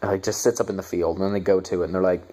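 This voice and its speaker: A man's voice: deep voice, level tone, rapid-fire, mellow. Sarcastic man reviewing a movie. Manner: sarcastic and profane, with mocking asides. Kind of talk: casual spoken movie review.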